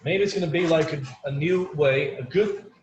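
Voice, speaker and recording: The recording is lo-fi, with slight background noise and an echoey room's faint ambience. On the high side and at a moderate pace, a chatty man whose first language is Portuguese teaches English online, peppering his talk with "like" and "you know."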